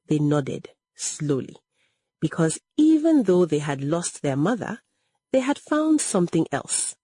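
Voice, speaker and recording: Slow, husky-voiced woman storyteller. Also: sits low, very animated, darkish tone, no echo, studio quality. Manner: dramatic, measured. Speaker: narrator. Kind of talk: scripted story narration.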